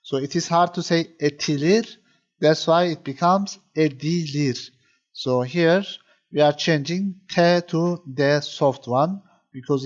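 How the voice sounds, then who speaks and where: A man's voice: fairly high pitch, takes it slowly, lo-fi sound. Patient male grammar teacher. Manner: patient, repeats points, many fillers. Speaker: Turkish language teacher. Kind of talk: explaining grammar to viewers.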